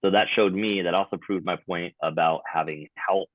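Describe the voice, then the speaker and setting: A man with a very low voice explains things in a relaxed, casual podcast chat, dropping in plenty of fillers. His voice sounds narrow and thin, like it is coming over a phone line, with a dry, close sound. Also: normal speed, dry recording. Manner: explanatory, laid-back, frequent fillers. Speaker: tattoo removal specialist, podcast guest.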